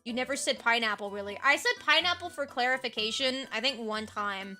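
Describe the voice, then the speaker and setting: Young woman, streamer, bright forceful tone, higher voice, chatty, rambling, laughs a lot, slightly hoarse, faint music behind. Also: fairly quick. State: hoarse, tired. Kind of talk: casual chat recapping a role-play game.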